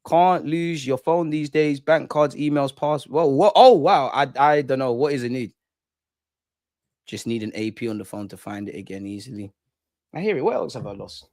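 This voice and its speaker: A young man with a London accent talks loosely on a live stream, full of street slang and easy laughs. His voice sits at a middling pitch, recorded close and dry with no room sound. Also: expressive, normal speed, darkish tone, no echo. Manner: slangy, chatty, laughs a lot. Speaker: livestream host. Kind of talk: casual live chat reading viewer comments.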